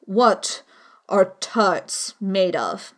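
A pompous, anxious old king who weighs each word slowly, as a woman reads him in a storybook. His voice sits a touch lower and firmer than the narration. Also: lively intonation. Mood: ponderous. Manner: slow and ponderous. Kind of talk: audiobook character voice.

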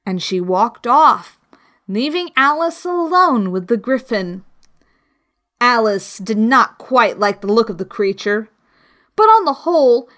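A woman reading a children's classic aloud as the narrator, slow and clear. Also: fairly high pitch, a bit bright. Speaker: audiobook reader. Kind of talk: storybook narration.

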